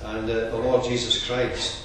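A man preaching a sermon in a measured, earnest expository manner. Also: mid-range voice, completely flat delivery, a bit bright, slight background noise. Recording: very echoey, distant room recording.

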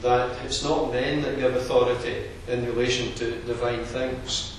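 A man preaching a sermon in a measured, earnest expository manner. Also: medium pitch, little pitch movement, slight background noise. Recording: very echoey, distant room recording.

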